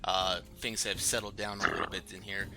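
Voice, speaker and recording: A man narrating as game master of a tabletop game, rambling with many pauses. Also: low-pitched, little pitch movement, sharp tone, slight background noise. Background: music.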